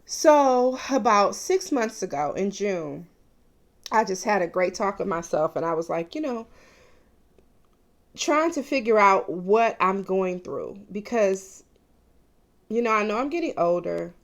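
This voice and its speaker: A woman's voice: mid-range voice, expressive, measured pace. A woman in her forties talking candidly to her viewers in a casual personal vlog, confiding and open. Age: 40s. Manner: candid and confiding, addressing viewers as "you guys". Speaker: mukbang vlogger.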